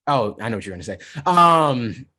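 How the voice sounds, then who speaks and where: A man co-hosting a podcast in casual chat, animated and hedging. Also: mid-range voice, normal speed. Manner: animated, hedging, talks over others. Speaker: podcast co-host.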